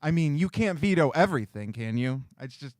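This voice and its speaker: A man co-hosting a sports radio show, speaking in a measured, agreeable way. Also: on the high side, expressive, dry recording. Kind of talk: casual sports talk. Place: radio studio.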